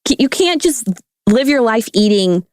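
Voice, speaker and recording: A woman's voice: fairly high pitch, moderate pace, no echo, studio quality. A woman who used to be a food scientist, a podcast guest riffing playfully on words in casual chat. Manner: animated, silly, riffing on words.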